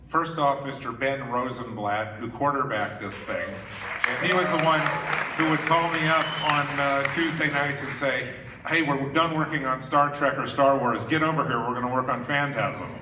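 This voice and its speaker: A man's voice: mid-range voice, normal speed. Man, chatty onstage intro, distant mic in a reverberant hall full of crowd noise. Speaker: director introducing his film. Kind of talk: casual speech to a theater audience. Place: large cinema theater.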